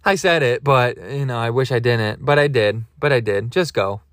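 A man's voice: medium pitch, moderate pace, a bit bright, dry recording, clean studio sound. A man hosting a podcast, telling a comic story in a rambling, digressive, self-mocking way. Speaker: podcast host. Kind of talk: comedic storytelling monologue.

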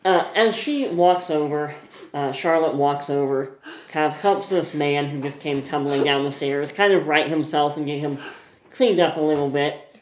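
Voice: mid-range voice, normal speed, a little hiss or hum. Game master narrating in an echoey room. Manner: descriptive, uses filler words.

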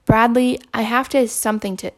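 A woman voicing a gentle, patient female school counselor who speaks softly and reassuringly. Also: a little high, steady tone, moderate pace, lightly acted. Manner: soft, reassuring.

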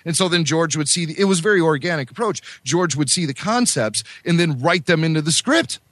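A man co-hosting a podcast, explaining his views in a measured, firm way. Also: fairly high pitch, lively intonation, fairly bright tone, no echo. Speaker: podcast co-host. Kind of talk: casual podcast discussion.

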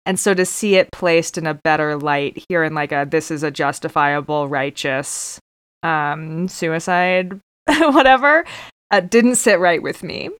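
Smooth-voiced woman, thoughtful and hesitant. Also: low voice, measured pace, a bit bright, no room sound. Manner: thoughtful, hesitant, lots of fillers. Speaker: podcast co-host or guest. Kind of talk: casual book-club podcast chat.

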